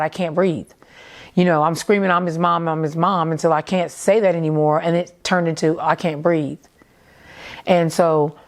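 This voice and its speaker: A woman tells her story in a slightly low voice. Her speech comes in halting bursts, full of fillers and repeated phrases, in the manner of emotional first-person testimony. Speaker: mother recounting her son's death.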